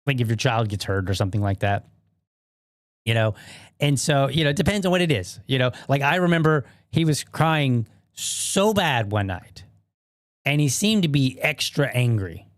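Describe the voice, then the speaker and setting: A man's voice: medium pitch, lively intonation, moderate pace, dry recording, clean studio sound. A man hosting his own podcast, telling stories from his life as a father in a rambling, self-deprecating way, full of fillers and restarts. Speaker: podcast host. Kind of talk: casual solo podcast monologue.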